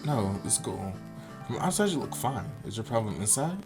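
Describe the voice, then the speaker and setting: A man voicing a blunt, deadpan teenage schoolgirl with a slight rasp, reading a visual novel aloud. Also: moderate pace, music in the background. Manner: flat deadpan delivery, soft and low-key.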